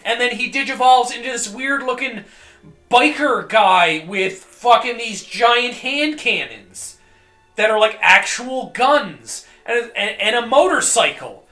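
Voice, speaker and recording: A man streaming a video game, rambling and joking with profanity, often coughing and clearing his throat. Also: extremely high pitch, expressive, takes it slowly, bright, forceful tone, roomy sound, soft background music. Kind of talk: casual gameplay commentary.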